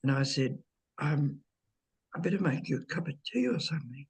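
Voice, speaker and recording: A woman slowly recounting a personal ghost story in casual conversation, hesitant, with fillers and repeated words. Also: low voice, a little mellow, breathy edge. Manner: unhurried, dwelling on details. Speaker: medium telling her own ghost stories.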